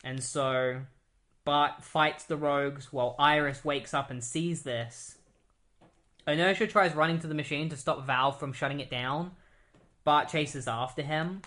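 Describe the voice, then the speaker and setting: A man's voice: fairly high pitch, a little slow, a bit bright. Casual man recapping a comic. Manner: casual, filler-heavy retelling. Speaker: podcast host.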